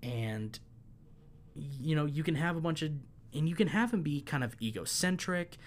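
A man's voice: fairly high pitch, animated, moderate pace. Man hosting a loose solo podcast. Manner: loose, thinking aloud. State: voice starting to give out. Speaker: podcast host.

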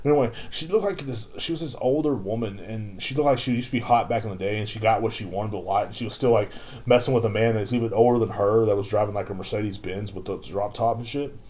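Low-voiced man ranting profanely. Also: fast, warm tone. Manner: profane, rambling. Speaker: podcast host, liquor store clerk. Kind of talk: casual rant.

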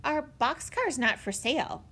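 A woman voicing a firm, steady older brother in a storybook reading. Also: high-pitched, measured pace, voice pushed up, exaggerated voice. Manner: firm and calm.

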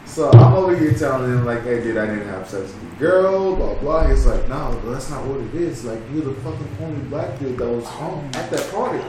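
A man's voice: medium pitch, a little fast, few pauses. Guy cursing thru a story on a podcast, far from the mic, super echoey and noisy. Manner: profane, animated storytelling with quoted voices. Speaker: podcast co-host telling a story. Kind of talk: casual podcast chat. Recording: echoey room, distant mic, loud noise.

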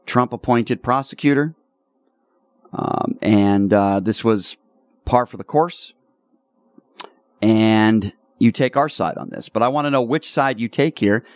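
A man's voice: mid-range voice, slow, pauses often, smooth, dry recording, studio quality. A man hosting a talk radio show, argumentative and emphatic in his commentary.

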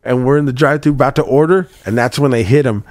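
A man's voice: mid-range voice, quick pace, darkish tone, dry recording. A man casually telling a profane story on a podcast, acting out the voices of the people in it. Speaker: podcast co-host.

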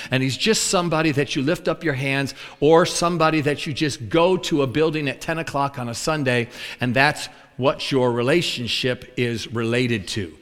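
Male preacher, bright folksy delivery, long hall reverb, joking sermon. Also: mid-range voice.

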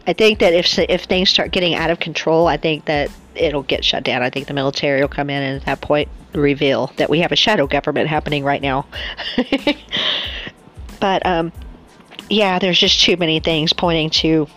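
A woman's voice: moderate pace, fairly bright tone, faint music behind. A woman giving a casual political monologue, sarcastic and laughing often. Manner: sarcastic, laughs often, mocks opponents in high put-on voices. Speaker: political commentator.

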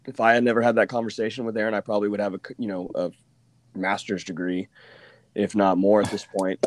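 Oklahoma guy hosting a podcast, lowish voice, acts out his stories, dry close sound. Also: fast, no echo. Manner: animated storyteller, mimics people he quotes. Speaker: podcast host. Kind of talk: casual podcast chat.

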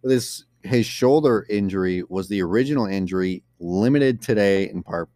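A man's voice: on the low side, moderate pace, warm tone, no room sound, studio quality. A man co-hosting a casual podcast, giggling often and reading updates with lots of fillers. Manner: giggly, reads injury updates with frequent fillers. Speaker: podcast co-host.

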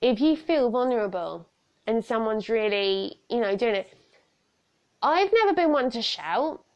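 Recording from a room in her home, this young podcast host chats casually and solo about personal safety, frank and earnest with many digressions. Her voice is a little high and darkish in tone, very animated yet unhurried, and the audio sounds dull.

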